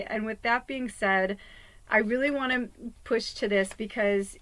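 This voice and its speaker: A woman's voice: fairly high pitch, a little slow, fairly bright tone, dry recording, poor audio. A woman who works as a psychic medium, talking to her viewers from home in a rambling, candid way, swearing and laughing often. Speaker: psychic medium and card reader. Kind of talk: casual rambling talk to viewers.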